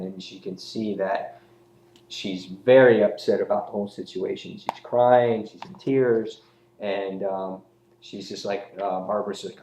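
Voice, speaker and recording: A man's voice: on the low side, little pitch movement, a little slow, a little mellow, reverberant, slight background noise, rough recording. A man giving a casual, rambling comic book review, full of fillers and restarts.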